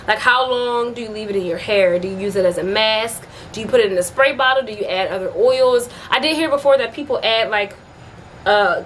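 A woman's voice: mid-range voice, fairly bright tone, a little hiss or hum. A young woman in her twenties talking casually to her camera in a home vlog, upbeat and chatty, laughing often and using lots of fillers. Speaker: vlogger.

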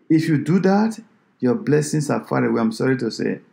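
A man's voice: mid-range voice, expressive, a little fast, vocal fry, mellow. A man preaching a sermon who exhorts his listeners with repeated rhetorical questions.

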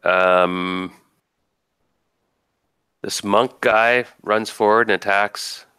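A man's voice: fairly low pitch, fairly even intonation, very slow, pushed and bright, clean tone, dry recording. A man running a tabletop game as game master, casually narrating combat and thinking aloud over dice rolls.

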